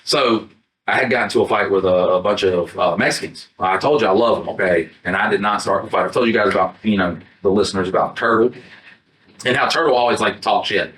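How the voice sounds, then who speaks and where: With a fairly low, bright and forceful voice, a podcast co-host talks fast through a rambling story in casual chat. He's animated and swears, acting out the things he said. The recording sounds roomy and echoey, coming from a distant mic rather than the podcast mics.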